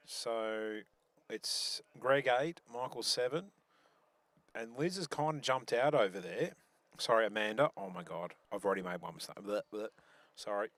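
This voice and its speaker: A man calls a lawn bowls match in a chatty, joking way. He trips over his words and restarts often, and his voice sits at an ordinary middle pitch. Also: fairly bright tone, no echo. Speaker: bowls commentator. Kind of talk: live stream sports commentary.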